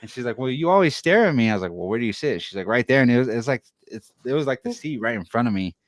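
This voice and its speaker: A man's voice: medium pitch, very fast, no room sound, studio quality. A young man from Denver telling rambling, profane stories in a casual podcast chat, laughing as he goes. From Denver, USA. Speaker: podcast co-host.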